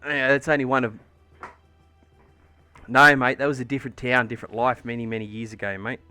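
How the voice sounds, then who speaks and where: Bright, sweary Australian bloke. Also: male voice, medium pitch, flat delivery, fairly quick, clear, resonant tone, faint music behind. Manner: rambling, sweary storytelling with lots of fillers. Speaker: livestreamer painting miniatures. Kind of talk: casual chat while painting on stream.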